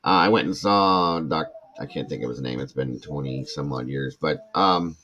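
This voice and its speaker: An older man hosting a podcast tells a long, rambling personal story in casual chat, acting out what other people said. His voice is very deep and sharp-toned at normal speed, and the recording is muffled.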